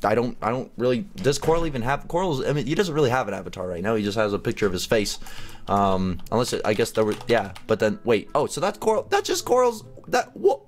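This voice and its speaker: A man's voice: medium pitch, sing-song, quick pace. A young man giving chatty, casual commentary on a game he is playing, often laughing and exclaiming. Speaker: gaming YouTuber.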